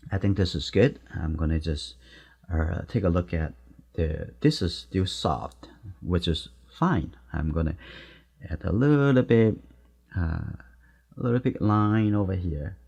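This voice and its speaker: In a muffled, dull-sounding recording, a gravelly, low-voiced man demonstrates watercolor painting live. He offers gentle encouragement in brief phrases while he works.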